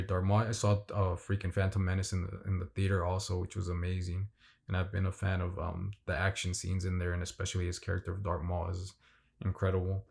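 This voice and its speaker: A man with a very low, gravelly voice tells the story of a fan signing in a loose, excited vlog. He rambles, restarts often and leans on fillers as he goes. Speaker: vlogger. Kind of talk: casual vlog recap.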